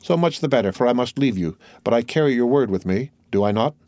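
A man's voice: medium pitch, lively intonation, fast, a little mellow, dry recording, clean studio sound, natural voice. A man voicing a proud, grieving count who speaks in solemn, formal tones. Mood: grave.

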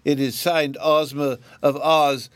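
A man's voice: on the high side, animated, moderate pace, no room sound, voice pushed up, natural voice. A man voicing a sober, pompous male white rabbit gatekeeper who speaks sharply and doubtingly in a storybook reading.

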